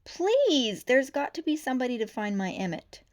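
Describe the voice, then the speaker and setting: A woman voicing a worried, pleading female otter searching for her husband in a storybook reading, soft-spoken. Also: sits high, very animated, moderate pace, pitched above the performer's own voice.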